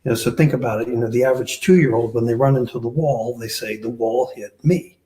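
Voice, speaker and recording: A man's voice: mid-range voice, fairly even intonation, quick pace, warm tone. Guy on a panel, lots of uhs and ums, room echo all over. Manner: hesitant, many filler sounds. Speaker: researcher answering questions. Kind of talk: panel discussion answer. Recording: echoey room.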